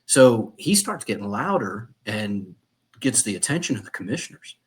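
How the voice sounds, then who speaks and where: A retired police captain in his fifties speaks as a podcast guest, a man with a husky, slightly breathy voice. He tells stories in an animated way and acts out the lines of the people in them. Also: on the low side, normal speed. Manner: animated storyteller who acts out what others said. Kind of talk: casual podcast conversation.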